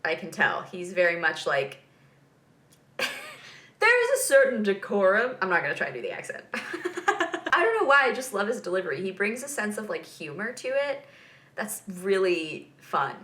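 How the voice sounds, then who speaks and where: Young female vlog host: bright tone, chatty and giggly, casual. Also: fairly low pitch, big pitch swings, normal speed. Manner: chatty and giggly, lots of fillers and asides. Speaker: vlog host reacting to a TV episode. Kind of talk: casual reaction chat.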